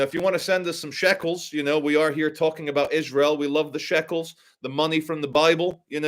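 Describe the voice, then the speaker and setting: Guy hosting a live stream, kinda high voice, rambly sarcastic crude. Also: a bit bright.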